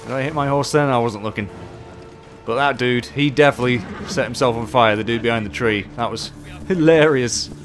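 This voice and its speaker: A man doing casual live commentary while playing, excitable, swearing often and chatting with his viewers. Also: medium pitch, a little fast, over music. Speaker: game streamer.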